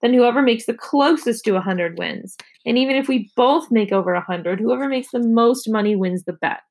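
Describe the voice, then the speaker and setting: A woman's voice: on the high side, moderate pace, a little mellow. A woman reading aloud, voicing a proud, bossy young girl with a snappy, indignant way of talking.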